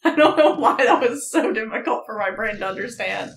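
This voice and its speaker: A woman's voice: a little high, lively intonation, roomy sound, a little hiss or hum. A woman co-hosting a let's play, making playful quips. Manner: playful, quick quips and laughs. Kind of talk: casual let's play commentary.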